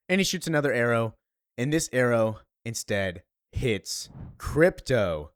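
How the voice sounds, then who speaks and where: A man recapping a comic book story in a casual, animated way. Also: medium pitch, normal speed, no echo, clean studio sound.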